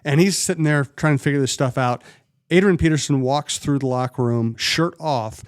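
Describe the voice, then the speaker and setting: A man co-hosting a casual podcast, telling anecdotes in an easygoing conversational way. His voice sits at a middle pitch for a man. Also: moderate pace. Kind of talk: casual chat.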